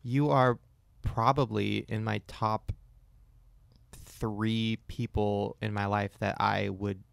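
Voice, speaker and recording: A man's voice: on the low side, little pitch movement, takes it slowly, gravelly, clean tone, no echo. A man hosting a podcast, teasing his co-host bluntly and telling crude stories in casual chat.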